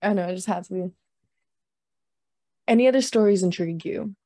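A woman's voice: medium pitch, fairly quick, warm tone, no room sound, studio quality. A young woman hosting a casual livestream, chatting and reading scary stories aloud with frequent giggles. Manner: giggly, chatty, reads with laughs. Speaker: stream host.

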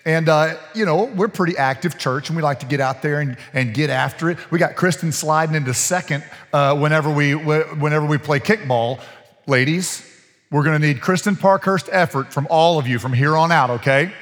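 A male pastor gives a relaxed, conversational sermon, circling back on his words and chuckling along the way. His voice sits a little high for a man. The sound rings with a long reverb from a large church sanctuary. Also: fairly quick, faint music behind. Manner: conversational, folksy preaching with laughs and restarts.

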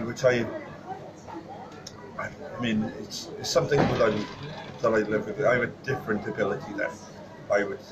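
A man's voice: on the low side, dull audio, noisy background. A man, a podcast guest, telling stories in a chatty way with lots of fillers and restarts. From Wales. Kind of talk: casual chat. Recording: crowd chatter behind.

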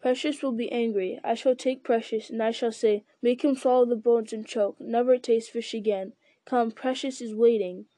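A woman's voice: fairly high pitch, fairly even intonation, normal speed, warm tone, no room sound, natural voice. A woman reading an audiobook, voicing an earnest young male hobbit who speaks with urgent coaxing. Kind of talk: audiobook narration.

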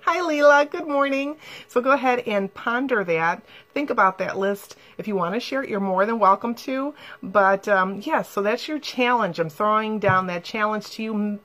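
A woman's voice: mid-range voice, fairly bright tone. A woman hosting a live stream, talking casually and emotionally to viewers and reading their comments aloud.

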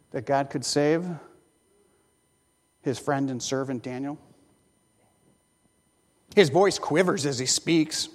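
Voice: medium pitch, darkish tone. A preacher delivering a sermon, telling a story with rhetorical questions and wry asides. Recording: long hall reverb.

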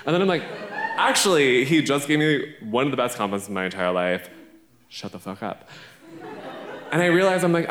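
A man's voice: mid-range voice, expressive, normal speed, long pauses, fairly bright tone, a little hiss or hum. A man, a drag performer, telling a playful, brash and profane story live on a theater stage. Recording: echoey theater stage recording.

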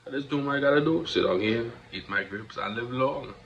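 A podcast host with a Trinidadian accent delivers a motivational monologue in a medium-pitched, creaky voice, talking fairly quickly. He's preachy and repetitive, often asking "you understand?", and the lo-fi recording sounds dull with faint noise.

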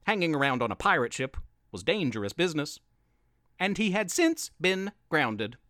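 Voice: mid-range voice, normal speed, dry recording, studio quality. A storyteller host reading a playful scripted children's story aloud. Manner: playful, expressive read-aloud.

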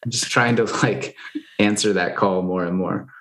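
A man's voice: on the low side, steady tone, normal speed, a bit bright. A man talking candidly in casual conversation, loose and frank, with lots of fillers and the odd swear.

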